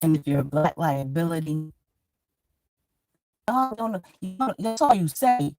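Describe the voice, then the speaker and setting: A woman from Georgia, talking in a rambling, profane, animated monologue as a vlogger. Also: low-pitched, a little slow, no echo, clean studio sound, faint music behind. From Georgia, USA. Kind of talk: casual monologue to camera.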